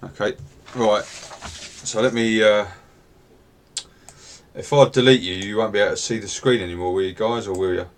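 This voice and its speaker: A man narrating as game master in a tabletop game, relaxed and hesitant, with many fillers. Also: lowish voice, moderate pace.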